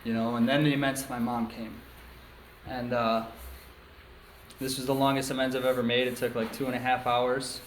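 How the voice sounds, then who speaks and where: A man's voice: medium pitch, level tone, normal speed, pauses often. A young man giving a candid personal testimony at a recovery meeting, telling his story with lots of ums and likes. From upstate New York. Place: meeting room. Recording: echoey room with faint hiss.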